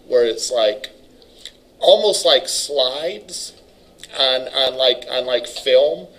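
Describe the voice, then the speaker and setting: A man's voice: mid-range voice, lively intonation, drawn-out words, fairly bright tone, poor audio. Casual rambling male college lecturer. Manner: rambling, casual, self-interrupting. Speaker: college instructor. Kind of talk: classroom lecture.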